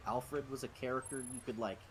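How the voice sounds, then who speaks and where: A man's voice: mid-range voice, steady tone, fairly quick, a little hiss or hum. Chatty man gaming on stream. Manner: chatty, many fillers, complains about the game. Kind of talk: casual gaming stream chat.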